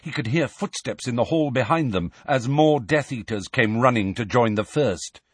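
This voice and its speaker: Expressive male narrator, husky. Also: mid-range voice, normal speed, no room sound. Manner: expressive storytelling, tense. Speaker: audiobook narrator. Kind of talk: scripted narration.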